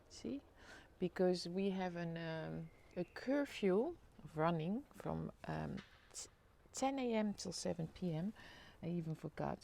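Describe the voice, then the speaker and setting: A woman's voice: lowish voice, creaky. A middle-aged woman, chatting casually on a live stream, greeting viewers by name and reading out their comments. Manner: chatty, reads viewer comments aloud, bursts into excited squeals. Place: home by a window overlooking a city street.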